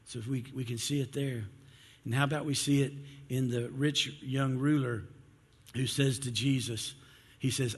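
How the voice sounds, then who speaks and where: Brief: male pastor, casual sermon delivery, slightly husky, long hall reverb. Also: mid-range voice, fairly even intonation, moderate pace. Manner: conversational, acts out biblical figures' complaints.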